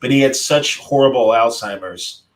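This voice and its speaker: In a low-quality recording, a man with a mid-range voice talks at normal speed while hosting a relaxed group chat. He's a podcast host who recounts a story warmly and conversationally, sounding like the radio broadcaster he used to be.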